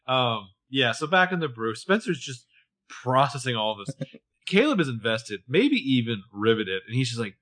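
Guy recapping a tv show on a podcast, super lively up-and-down voice, acts out the lines. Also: mid-range voice, moderate pace. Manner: animated, recounts scenes with acted quotes. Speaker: podcast co-host. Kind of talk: casual TV recap chat.

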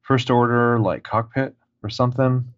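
Man, middle pitch, easygoing commentary, jokey, dull lo-fi audio. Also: fairly even intonation, normal speed, clean tone, dry recording. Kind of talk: casual commentary on behind-the-scenes footage. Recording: dull lo-fi sound.

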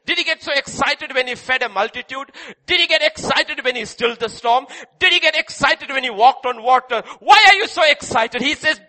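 A man preaching a sermon, repeating rhetorical questions and swinging between loud cries and hushed passages. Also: very high voice, expressive, normal speed.

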